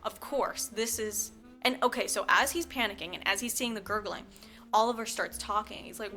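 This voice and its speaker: Casually walking through a film's story on a podcast, this woman co-host is animated, full of filler words, and voices the characters' dialogue along the way. Her pitch is medium and she speaks at a normal speed.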